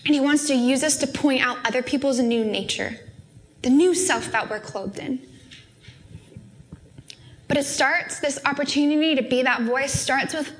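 A woman's voice: high-pitched, normal speed, long pauses. A young adult woman speaking at a student fellowship, giving an earnest, heartfelt sermon in a casual, conversational way. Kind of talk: conversational sermon with a personal story.

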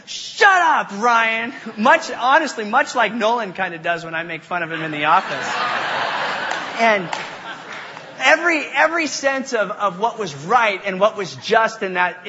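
A man's voice: sits high, expressive, background noise. A young man preaching a sermon, mixing scripture teaching with playful, self-mocking stories from his childhood. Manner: playful, self-mocking storyteller with quick voice changes. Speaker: pastor. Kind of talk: sermon with personal storytelling. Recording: dull sound in a reverberant hall.

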